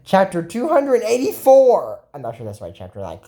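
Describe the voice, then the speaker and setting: A woman's voice: mid-range voice, wildly swooping pitch, fairly quick, mellow. A woman casually recapping a cartoon episode, rambling and chatty, and quoting the characters as she retells it. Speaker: video commentator.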